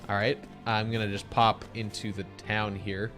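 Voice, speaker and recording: A man's voice: fairly low pitch, flat delivery, a little slow, a bit bright, faint music behind. A man giving chatty, joking commentary while streaming a game. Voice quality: chatty, joking, self-deprecating. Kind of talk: casual gameplay commentary.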